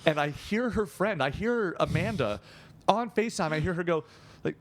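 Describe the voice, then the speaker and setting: A man's voice: high voice, normal speed. A young man in a casual interview, telling an anecdote and acting out the voices of the people in it. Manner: animated, acts out the voices of people in his story. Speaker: guest, content creator.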